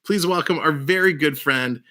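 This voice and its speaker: Man, livestream host, casual chat, upbeat, bright voice, frequent laughter. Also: fairly high pitch, moderate pace.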